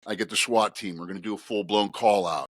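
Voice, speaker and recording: A middle-aged man, a retired police officer, telling stories on a podcast in a casual, animated, profane way. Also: quick pace, no echo. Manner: animated, profane, swinging pitch while telling a story.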